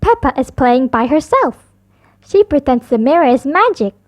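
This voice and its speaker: A woman's voice: high voice, very animated, moderate pace. A woman reading children's bedtime stories aloud in a sing-song storytelling manner. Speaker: storybook reader.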